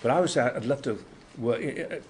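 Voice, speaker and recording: A medium-pitched, fairly quick voice with a Yorkshire English accent belongs to an older actor from Yorkshire, England. Guesting in an interview within a noisy convention room, he's an energetic storyteller who acts out what people said and laughs frequently.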